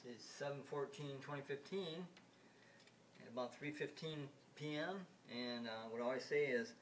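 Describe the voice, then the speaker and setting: Brief: male vlogger, mid-pitched voice, rambling and halting, faint background noise. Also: fairly bright tone. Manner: halting and repetitive, many restarts. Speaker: video game vlogger. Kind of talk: rambling home video chat.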